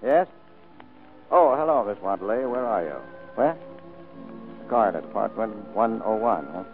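An actor playing a hard-boiled private detective in a vintage radio drama, terse and dryly wisecracking. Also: male voice, on the low side, expressive, unhurried, soft background music. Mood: brisk. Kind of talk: 1940s radio acting. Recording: tinny old radio broadcast recording.

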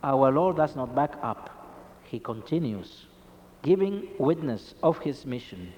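A man's voice: mid-range voice, sing-song, unhurried, darkish tone, in a large hall, dull audio, slight background noise. A man preaching a Catholic sermon, emphatic and full of rhetorical questions.

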